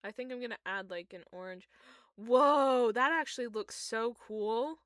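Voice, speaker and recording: A woman's voice: a little high, a little fast, pushed and bright, no echo, clean studio sound. A young woman chatting casually while she draws fan art, emotional and gushing, groaning and squealing. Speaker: streamer drawing fan art. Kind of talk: casual chat while drawing.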